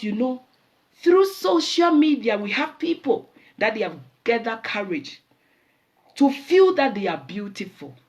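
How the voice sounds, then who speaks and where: A woman with a Nigerian accent hosting a show, telling animated stories in a casual monologue and slipping into pidgin. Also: on the high side. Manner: animated storyteller mixing in pidgin. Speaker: show host.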